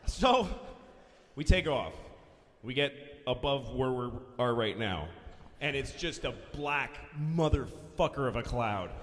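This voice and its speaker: A male stand-up comedian telling a story on stage, profane and exasperated, bursting into shouts. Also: mid-range voice, expressive, slow, big-room sound.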